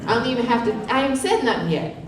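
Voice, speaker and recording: A woman's voice: a little high, expressive, quick pace, a crowd in the background. Woman presenting in an echoey hall. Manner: coaching, tags points with "right?". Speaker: wellness workshop presenter. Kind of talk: live workshop presentation. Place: conference hall. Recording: very echoey hall, distant mic, faint noise.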